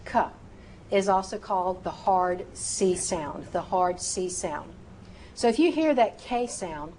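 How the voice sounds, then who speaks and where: A woman teaching medical terminology in a recorded lecture, sounding out each term slowly and precisely. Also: lowish voice, darkish tone, slight background noise. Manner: slow, precise enunciation of terms.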